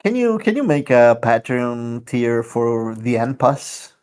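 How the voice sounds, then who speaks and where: Male guest, relaxed and teasing, slow mellow delivery. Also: mid-range voice, clean tone. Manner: laid-back, teasing, laughs a lot. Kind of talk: casual chat.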